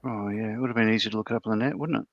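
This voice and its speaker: A man's voice: fairly low pitch, rapid-fire, no echo, highs cut off. A man chatting casually on a stream and muttering to himself as he hunts for model parts. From Australia. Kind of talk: casual livestream chat.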